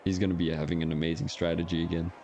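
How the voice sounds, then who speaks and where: A man's voice: deep voice, flat delivery, racing, mellow, soft background music. Young man commentating a sim race. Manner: casual, joking, chats with viewers while commentating. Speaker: sim racing stream commentator. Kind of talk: live stream commentary.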